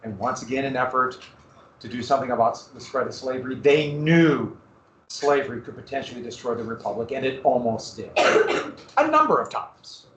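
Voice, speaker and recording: A male history teacher lectures his class, asking the students questions and then answering them himself. His mid-range voice is sing-song, brisk and a bit bright, captured from far off in a roomy classroom.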